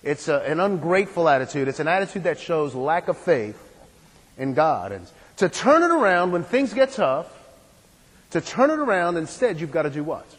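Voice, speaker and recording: High-voiced preaching man, reverberant hall. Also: very animated, moderate pace, breathy edge. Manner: repetitive preaching cadence, rhetorical questions. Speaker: pastor. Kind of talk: sermon.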